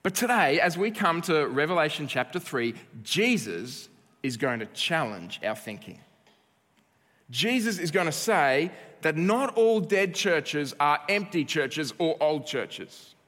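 A man's voice: a little high, very animated, measured pace, a bit bright, long reverb tail. A man preaching a sermon as pastor, conversational and with joking asides.

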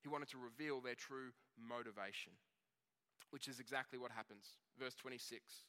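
A man preaching a sermon, telling the story in a conversational way and slowing down on key words. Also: medium pitch, steady tone, bright, forceful tone. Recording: long reverb of a hall.

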